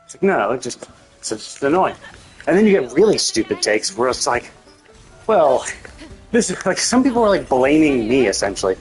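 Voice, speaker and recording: A man's voice: mid-range voice, big pitch swings, a little fast, soft background music. A man streaming a video game, rambling casually and venting his annoyance with lots of swearing and filler words. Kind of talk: casual gameplay commentary.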